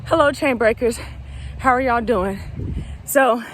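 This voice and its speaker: A woman's voice: on the high side, normal speed, a little mellow, a little hiss or hum. A woman coach, a little out of breath, giving an emphatic, preachy motivational talk that repeats its points. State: slightly out of breath. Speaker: recovery coach. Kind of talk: motivational direct-to-camera talk.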